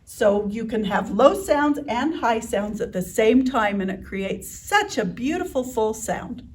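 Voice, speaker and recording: A guest pianist, a woman, explaining the piano's low and high sounds in simple words for children. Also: animated, unhurried. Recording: distant voice over loud piano.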